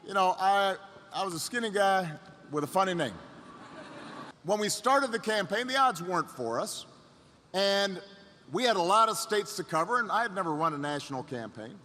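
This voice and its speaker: A man with a high, bright, forceful voice tells a long story to a crowd in a large hall. The sound rings with long reverb. He repeats lines for effect and pushes the emphasis higher as the story builds. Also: expressive, normal speed. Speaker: public speaker. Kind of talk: motivational storytelling speech.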